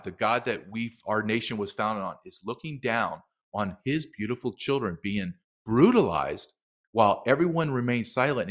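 A man's voice: medium pitch, a bit bright. A middle-aged man speaking as a documentary filmmaker guest in a heated interview, emphatic and impassioned, acting out quotes.

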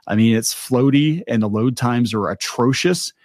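A man's voice: medium pitch, moderate pace, a little mellow, no echo. A man in his forties with a cartoonish-sounding voice, hosting casual opinion commentary in a rambling, chatty way with many fillers and restarts. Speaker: video commentary host.

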